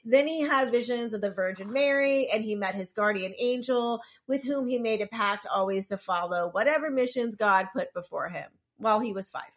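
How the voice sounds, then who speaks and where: A woman's voice: a little high, moderate pace, few pauses. A woman co-hosting a podcast, chatting casually and reading background notes aloud with apologetic asides. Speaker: podcast co-host.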